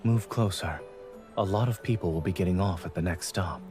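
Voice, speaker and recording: A man voicing a calm, reserved young male doctor in game dialogue, with dry, measured delivery. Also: sits low, natural voice. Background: game music.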